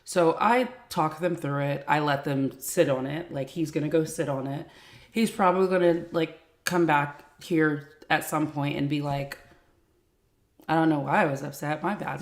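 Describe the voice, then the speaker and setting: Woman, live stream host, frank casual chat, gravelly, echoey home room. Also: low-pitched. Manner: chatty, frank, swears casually.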